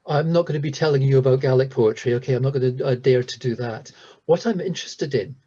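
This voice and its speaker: Hesitant man lecturing, husky and dull. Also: medium pitch, fast talker, warm tone. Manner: hesitant, many ums and restarts. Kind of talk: recorded lecture with slides. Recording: dull lo-fi sound.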